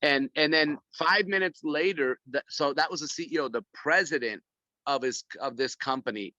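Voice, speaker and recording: A man's voice: a little high, normal speed, pushed and bright, no room sound, muffled recording. A man speaking on a video call from his phone at an office, rambling and effusive with many restarts. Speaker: guest speaker. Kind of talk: casual video call talk. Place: corporate office.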